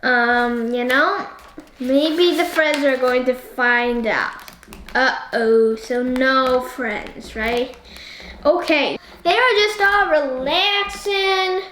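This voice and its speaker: A woman with a high voice talks through a book at an unhurried pace, rambling and turning to the listener with question after question. Her voice rings in an echoey room. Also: fairly bright tone, a little hiss or hum. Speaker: book discussion host. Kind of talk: casual book discussion.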